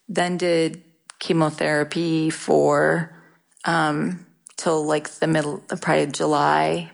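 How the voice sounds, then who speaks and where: A middle-aged woman talking candidly in an interview, halting often and restarting her sentences. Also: sits low, gravelly. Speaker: guest sharing her cancer story. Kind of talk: casual interview talk.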